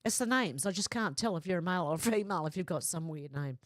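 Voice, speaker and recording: A woman's voice: lowish voice, quick pace, no room sound, studio quality. A woman hosting a live stream, reading viewers' comments aloud and chatting back to them casually. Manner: chatty, reads comments in a flat running voice with asides.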